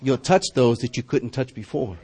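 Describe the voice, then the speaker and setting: A man preaching a sermon as a pastor, animated and often laughing, swinging from loud calls to quiet, hushed passages. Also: medium pitch, moderate pace, a little hiss or hum. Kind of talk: lively sermon.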